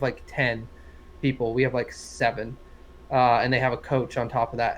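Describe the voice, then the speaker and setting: A man's voice: medium pitch, slight background noise. A young adult man co-hosting a casual sports podcast, telling a rambling story full of swearing and laughing at himself. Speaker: podcast co-host.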